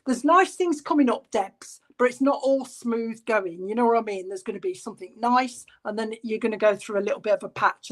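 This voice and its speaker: Chatty woman medium, high-pitched. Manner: chatty, relaying messages with frequent asides and restarts. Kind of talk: clairvoyant reading at a church service.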